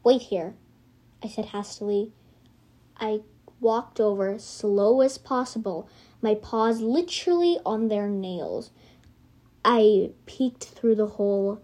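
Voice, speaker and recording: A woman's voice: medium pitch, slow pace, warm tone. A woman reading her homemade storybook aloud, rambling into self-correcting asides.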